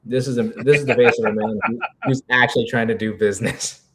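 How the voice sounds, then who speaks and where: A man's voice: mid-range voice, fast. A man co-hosting a live character-creation stream, chatting casually and rambling with lots of filler words. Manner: rambling, animated, full of "like" fillers. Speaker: co-host.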